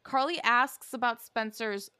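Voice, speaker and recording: Female co-host, bright, clear voice, close dry mic, jokey swearing recaps. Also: a little high, no echo. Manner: profane, joking, retells scenes with quick put-on voices. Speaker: podcast co-host. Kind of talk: casual recap chat.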